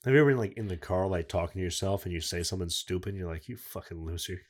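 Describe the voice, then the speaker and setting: A man with a very deep voice who talks quickly, hosting a loose podcast chat. He is crude and teasing, and he swears freely as he needles his guest. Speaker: podcast host. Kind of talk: casual chat.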